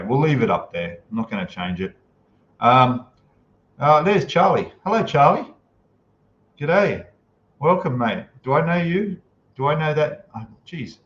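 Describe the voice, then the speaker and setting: A man hosting a casual live stream, chatting easily and greeting viewers as he reads out their comments. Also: fairly low pitch. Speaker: livestream host. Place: home room, in Thailand. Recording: echoey room, dull lo-fi sound, faint noise.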